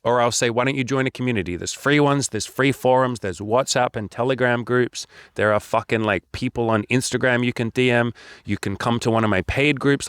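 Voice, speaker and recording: A man's voice: medium pitch, smooth, no room sound, clean studio sound. A man talking as a life coach, blunt, profane and preachy as he lectures his viewers. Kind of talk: direct-to-camera coaching talk.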